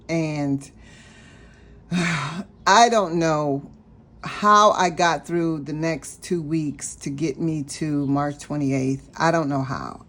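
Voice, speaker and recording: A woman vlogging about her budget, telling a personal story in a chatty, animated way and talking straight to her viewers. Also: deep voice. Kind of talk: casual storytelling vlog.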